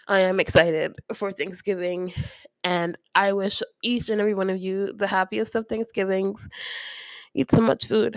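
A tearful woman hosts her podcast, talking close to the mic in a soft, earnest voice and sniffling now and then. Her delivery drifts between heartfelt chat and spoken prayer, with small nervous laughs. The sound is dry and close, and her pitch sits in a middle range. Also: dry recording. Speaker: podcast host.

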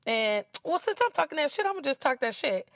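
A woman's voice: high voice, brisk, no echo, clean studio sound. A woman with an African American English accent telling a casual story, blunt and profane, mocking the people she quotes. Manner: blunt, profane, animated, mimics others mockingly.

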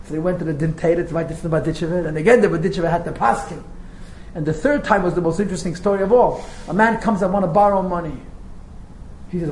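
Roomy-sounding man telling a story. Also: high voice. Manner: lively storyteller, quick asides. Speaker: rabbi teaching a class. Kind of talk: storytelling lecture. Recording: roomy echo with faint noise.

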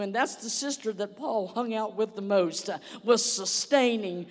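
A woman's voice: mid-range voice, normal speed, hardly any pauses, long reverb tail. A woman guest speaker preaching a sermon. She tells a story vividly and uses many "uh" fillers.

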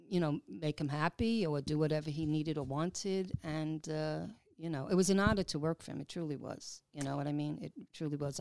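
A woman's voice: low voice, a little mellow, no echo. A woman talking casually in an interview, reminiscing with lots of "you know" fillers. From New York. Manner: chatty, many fillers like "you know", laughs often. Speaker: executive assistant at a racetrack, interviewee.

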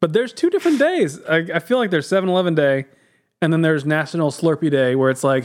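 A man's voice: fairly high pitch, lively intonation, quick pace. A man co-hosting a podcast in casual chat, a playful storyteller who acts out the people he quotes. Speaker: podcast co-host.

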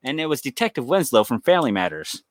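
A man's voice: medium pitch, very animated, fast talker, dry recording. A young man co-hosting a horror podcast, telling rambling stories in casual chat, swearing often and acting out the voices of people in his stories. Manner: rambling storyteller, swears a lot, acts out quoted voices. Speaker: podcast co-host.

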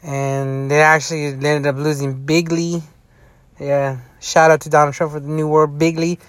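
A man's voice: on the high side, level tone, normal speed, a bit bright, no room sound. A tired man in a casual vlog rant, rambling with heavy swearing and frequent restarts. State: tired, yawning. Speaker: sports fan vlogger.

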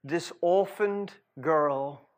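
Male pastor, sermon, animated storytelling, rhetorical asides, fairly high voice. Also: very slow.

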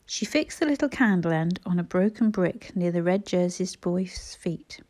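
A woman reading a children's story aloud in a measured storytelling manner. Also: on the low side, animated, darkish tone. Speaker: audiobook narrator.

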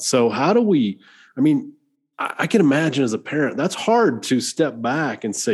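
A man hosting an interview, asking halting, probing questions. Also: mid-range voice, very animated, breathy edge. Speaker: interview host. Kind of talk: interview conversation.

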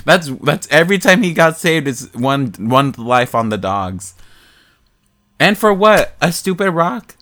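A man in casual chat, recapping a movie plot in an animated, profane way and mocking the characters. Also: on the high side, measured pace. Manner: animated, profane storytelling with mocking quoted voices. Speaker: podcast co-host.

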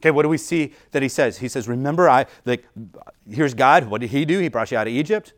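A man's voice: mid-range voice, quick pace. A man preaching a sermon as a pastor in an informal, explanatory way, often restarting phrases and leaning on "like" as he works through the text. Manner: casual and explanatory, frequent "like" and restarts. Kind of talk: conversational sermon.

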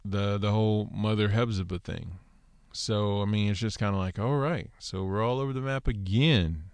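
A man's voice: on the low side, normal speed, darkish tone, smooth, no echo. A man teaching a casual scripture lesson, walking through Hebrew word studies with lots of "so" and "okay.". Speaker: Bible teacher.

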